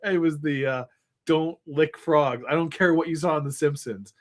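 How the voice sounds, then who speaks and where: A man co-hosting a podcast, chatting casually and telling stories with animated retold quotes. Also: fairly high pitch, fairly quick, background noise. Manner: animated storytelling, retelling quotes. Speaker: podcast co-host. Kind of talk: casual chat.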